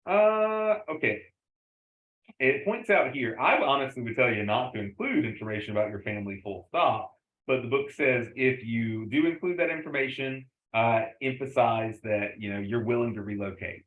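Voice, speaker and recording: A man's voice: mid-range voice, very animated, moderate pace. A middle-aged man giving a casual lecture on resume writing, rambling with many fillers and self-corrections. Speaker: instructor. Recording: roomy, slightly dull home recording.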